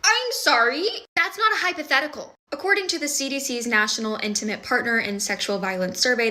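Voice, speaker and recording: Woman doing a sarcastic scripted rant w/ stats, bright voice. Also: medium pitch. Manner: sarcastic, argumentative, cites statistics. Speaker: political commentator. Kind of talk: scripted commentary.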